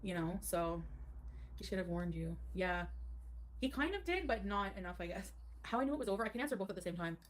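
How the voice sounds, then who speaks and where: A woman's voice: medium pitch, animated, brisk. A woman from Canada telling a personal story on a livestream, rambling and emotional, full of "like".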